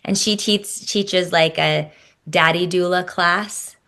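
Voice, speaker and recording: A woman hosting a casual podcast interview. Her voice sits a bit low, and she sounds enthusiastic and reflective as she shares her own stories. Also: fairly even intonation, takes it slowly, pushed and bright. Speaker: podcast host.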